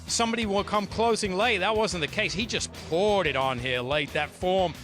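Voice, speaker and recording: A man's voice: high-pitched, moderate pace, a bit bright, faint music behind. A man recapping a race with emphatic commentary. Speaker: racing analyst.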